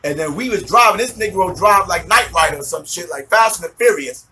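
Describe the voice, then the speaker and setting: New guy in his 40s, high bright voice, street slang testimony, laughs a lot. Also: animated, fairly quick, a little hiss or hum. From New York City. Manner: swears a lot, street slang, keeps asking if you follow; laughs often while telling the story. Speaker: minister giving a testimony. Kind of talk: animated storytelling testimony.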